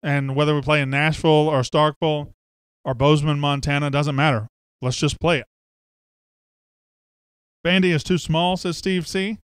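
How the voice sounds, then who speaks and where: Male podcast host, smooth and clear, bit high, joking and chatty. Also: fairly even intonation, moderate pace, long pauses, no room sound, studio quality. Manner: joking, chatty, reads comments aloud. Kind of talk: casual sports podcast chat, reading listener comments.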